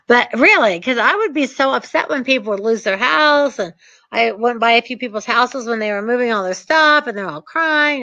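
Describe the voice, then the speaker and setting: A woman's voice: on the high side, expressive, moderate pace, bright, forceful tone, no echo, dull audio. A woman coaching her real estate students in a motivational talk, earnest and emphatic, repeating her points for stress.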